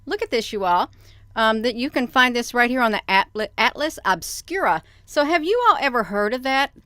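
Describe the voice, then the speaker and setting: Woman, rambling livestream chat, smooth clear voice, dry close sound. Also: on the high side, expressive, normal speed, a bit bright, no echo. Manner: chatty, rambling, addresses viewers as "you all". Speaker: livestream host.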